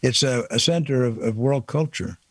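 An indignant man delivering a political commentary monologue. He drives his points home with one rhetorical question after another. His voice is mid-pitched and sits dry and close, with no room sound around it. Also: normal speed, husky, no room sound. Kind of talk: opinion monologue.

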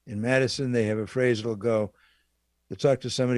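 A man delivers an impassioned political speech, piling up rhetorical questions and repeating his key phrases for emphasis. His voice sits at an ordinary male pitch, and the recording is dry and close with no room sound. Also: fairly quick, darkish tone, dry recording. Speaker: political speaker.

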